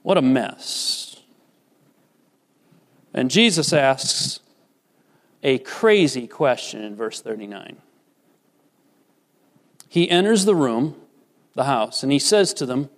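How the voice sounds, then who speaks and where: A man preaching a sermon as a pastor, swinging from loud, rising emphasis to hushed, low asides. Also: very animated, slow, pauses often. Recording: reverberant hall.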